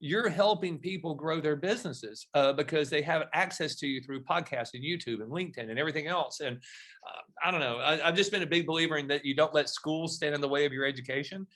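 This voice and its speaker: A middle-aged man speaks as a guest on a podcast interview, his voice bright and forward and sitting a little high. He tells his stories with energy and slips into the other people's voices when he quotes them. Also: fast. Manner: storytelling, animated when acting out dialogue.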